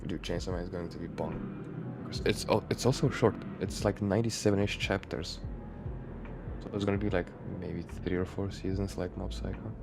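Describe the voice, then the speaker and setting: A young man with a very deep voice chats eagerly about new releases, peppering his talk with "like". Quiet music plays faintly in the background. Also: fairly even intonation, moderate pace, vocal fry. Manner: chatty anime fan, says "like" a lot. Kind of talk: casual chat.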